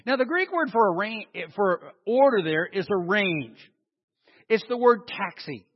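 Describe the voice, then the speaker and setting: A man's voice: sits high, lively intonation, a little slow, husky. A man preaching a conversational sermon, asking his congregation questions as he teaches. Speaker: pastor. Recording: dull long-reverb hall sound.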